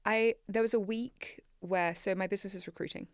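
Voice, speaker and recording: A woman's voice: medium pitch, a little fast, no echo. A woman talking casually and animatedly, often correcting herself mid-sentence, recorded in a studio. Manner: rambling, self-correcting, animated. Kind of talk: casual conversation. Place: small studio. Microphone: studio microphone.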